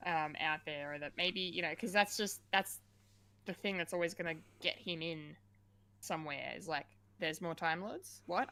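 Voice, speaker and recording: A woman co-hosting a casual pop-culture podcast, chatty and quick to laugh, with lots of fillers. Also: fairly low pitch, pushed and bright. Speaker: podcast co-host.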